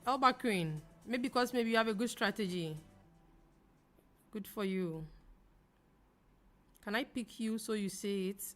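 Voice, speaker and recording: A young woman from Ghana hosting a live trading stream, talking fast as she reads viewer comments aloud and answers them. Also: medium pitch, fairly bright tone, faint music behind. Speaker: forex trading livestream host. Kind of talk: casual livestream chat reading viewer comments.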